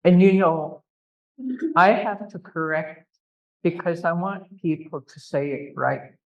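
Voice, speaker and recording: Language teacher for a classroom drill: very slow, deliberate delivery, repeats each word and corrects gently with a teasing streak, on a dull lo-fi recording. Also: medium pitch. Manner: drills words by repetition, patiently corrects pronunciation; teasing, good-humoured with students. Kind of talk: classroom pronunciation lesson.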